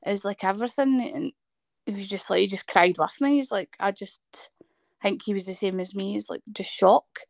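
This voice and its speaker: Gravelly Scottish woman telling her story. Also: medium pitch, moderate pace, dry recording, studio quality. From Scotland. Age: 30s. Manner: animated storytelling, acting out quoted dialogue. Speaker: guest. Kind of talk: personal story in conversation.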